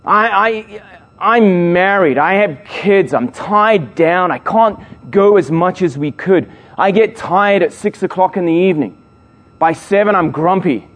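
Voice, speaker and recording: Middle-aged male youth preacher, slightly high voice, jokes and builds emphasis. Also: expressive, unhurried, fairly bright tone, highs cut off. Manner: playful, jokes with the audience, emphatic build-ups. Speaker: speaker at a youth gathering. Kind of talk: sermon to young people.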